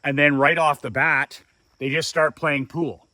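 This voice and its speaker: Emphatic man with a bright, forceful voice. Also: fairly high pitch, little pitch movement, a little slow, no echo. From Canada. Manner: emphatic, repeats words for effect. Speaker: business coach telling a story. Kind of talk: casual storytelling.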